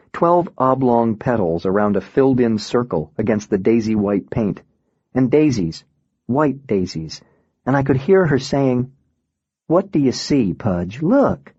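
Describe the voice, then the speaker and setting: A man narrating an audiobook in the first person with a steady, reflective reading. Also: mid-range voice, dry recording, dull audio.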